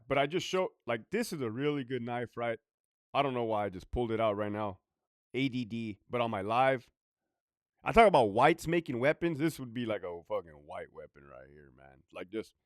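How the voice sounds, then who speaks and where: Profane ranting man, lively swooping pitch. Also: smooth, dry recording, studio quality. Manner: profane, rambling, frequent laughter. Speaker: former prison guard. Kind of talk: casual ranting vlog.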